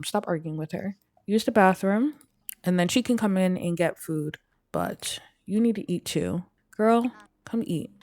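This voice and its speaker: A woman casually commenting on her life-sim gameplay, chatty and rambling, filling gaps with "like". Her pitch sits in a middle range. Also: a little mellow. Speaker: gaming YouTuber.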